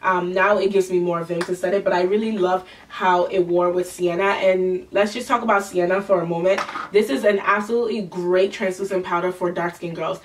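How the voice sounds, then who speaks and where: A woman's voice: on the low side, steady tone, a little fast, hardly any pauses, distant mic, slight background noise. Nasal young woman vlogging a makeup review, talks a bit away from the mic, gushy and full of ums. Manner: chatty, gushing, with frequent fillers and restarts. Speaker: beauty vlogger.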